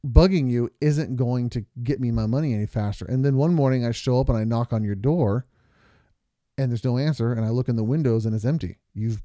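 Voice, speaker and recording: Co-hosting a casual podcast with his wife, this man speaks fairly quickly in a mid-range voice with a dark tone. With a dry, clean studio sound, he earnestly walks through long stories and examples.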